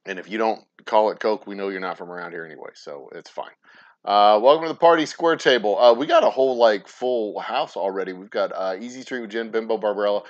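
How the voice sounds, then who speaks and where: Male host, low voice, loose profane rambling chat, muffled livestream audio. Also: quick pace. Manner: rambling, profane, stumbles and restarts often. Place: room in his distillery. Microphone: plugged-in mic at the desk.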